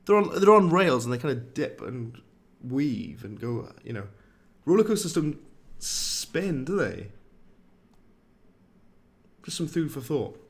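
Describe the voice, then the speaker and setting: Over game music, a man livestreams a game and rambles casually, chatting with his audience and reading their chat messages out loud. His medium-pitched voice moves slowly with a sing-song lilt, and he uses British slang.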